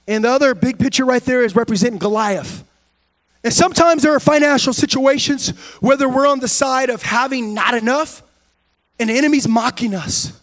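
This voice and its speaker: A man preaching a sermon as pastor, swinging from quiet talk to shouted, sing-song cadences. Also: very high-pitched, a little fast. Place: church sanctuary.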